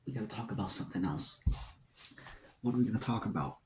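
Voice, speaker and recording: A man's voice: on the low side, animated, fast talker, darkish tone, slight background noise, poor audio. A man vlogging a casual mukbang, rambling and talking to himself between bites.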